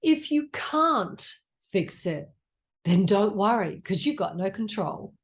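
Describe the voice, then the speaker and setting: A woman's voice: mid-range voice, big pitch swings, slow pace. An Australian woman in her forties giving a casual tarot reading, blunt and chatty, with plenty of swearing. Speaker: tarot reader.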